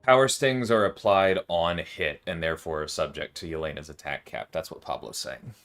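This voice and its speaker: A man's voice: low-pitched, moderate pace, fairly bright tone, soft background music. A man casually chatting with viewers on a game livestream, laughing often and explaining game mechanics. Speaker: livestream gamer.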